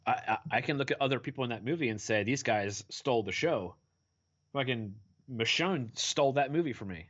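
In a casual movie-review podcast, a male co-host swears often and sounds blunt and exasperated. His mid-range voice is fairly bright, he talks fast, and the recording is dull.

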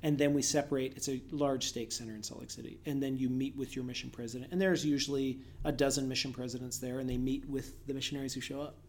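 A man's voice: mid-range voice, quick pace, hardly any pauses. Enthusiastic laughing man. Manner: enthusiastic, laughs often, tells lively stories. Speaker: guest. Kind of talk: casual conversation.

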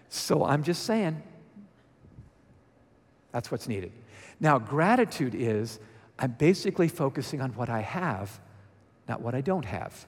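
A man's voice: medium pitch, measured pace, long pauses. A man with a Georgia accent preaching a conversational sermon and asking the congregation questions. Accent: Southern US (Georgia). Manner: lively, asks the congregation questions. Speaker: guest preacher. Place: church sanctuary. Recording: reverberant church sanctuary.

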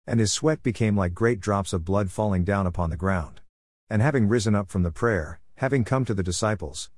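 A man reading scripture aloud in a plain, measured way, in short phrases. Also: fairly low pitch, a little mellow, no echo. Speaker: scripture reader.

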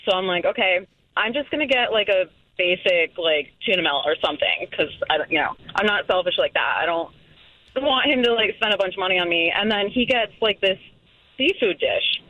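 A woman's voice: mid-range voice, expressive, fairly quick, dry recording, narrow, tinny audio. A woman calling into a radio show, rambling through a story with lots of fillers. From New England. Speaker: caller. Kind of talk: telling a story on a call-in show.

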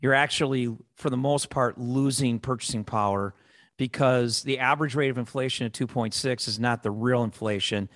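Brief: podcast host, man, Chicago accent, opinionated rant, lively and rhetorical, dry voice. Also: mid-range voice, normal speed, no echo. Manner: animated, rhetorical, on a soapbox. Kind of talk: opinionated finance podcast talk.

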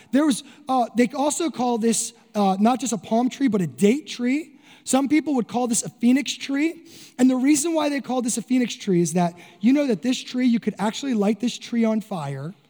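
Pastor, male, very high voice, animated sermon delivery with rhetorical questions; long church-hall reverb. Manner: animated preaching, acts out crowd voices and asks rhetorical questions.

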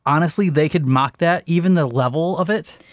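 A man in casual podcast chat who laughs often and bursts into loud shouted curses. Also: on the high side, fairly quick, no echo, clean studio sound. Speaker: podcast co-host.

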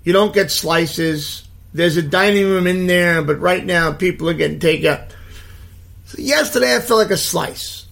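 A man's voice: high voice, moderate pace, gravelly, fairly bright tone. A man in his fifties telling a story in a blunt, profane, indignant rant. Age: 50s.

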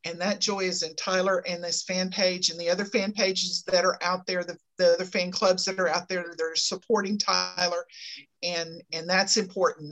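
A woman's voice: lowish voice, a bit bright, low-quality recording. A woman, chatting on a podcast as a guest, emphatic and repeating her points in a folksy way. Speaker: guest, fan group admin. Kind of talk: casual podcast chat.

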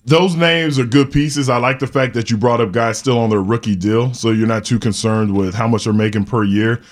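A man co-hosting a sports talk show who argues his point firmly, with quick asides. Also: mid-range voice, steady tone. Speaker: sports talk radio co-host.

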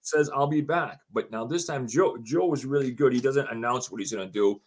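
A man's voice: medium pitch, fairly quick, husky. A man telling a story in casual talk, acting out what others said. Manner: animated, acts out quotes of others. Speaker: homeowner telling his story.

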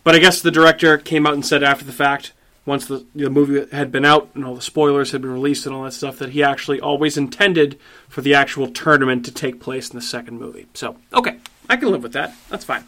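Bright-voiced, blunt, swearing podcast man. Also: mid-range voice, fast talker. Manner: profane, blunt and emphatic; acts out quotes in a slangy voice. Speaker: podcast host. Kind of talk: casual movie review chat.

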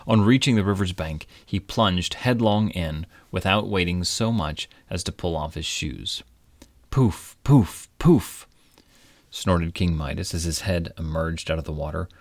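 A man narrating a classic storybook tale in a gentle, expressive storytelling manner. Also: low voice, moderate pace, hardly any pauses, dry recording.

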